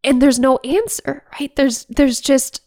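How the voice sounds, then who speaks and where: Heartfelt woman with a gravelly edge. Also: sits high, fairly even intonation, measured pace, a little mellow, no echo, clean studio sound. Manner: heartfelt and searching. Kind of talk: reflective talk to camera.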